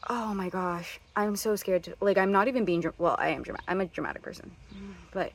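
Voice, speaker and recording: A woman's voice: on the low side, brisk. A woman in her twenties talking casually in a reading vlog, gushing and dramatic, sometimes dropping to a whisper. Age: 20s. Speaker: reading vlogger.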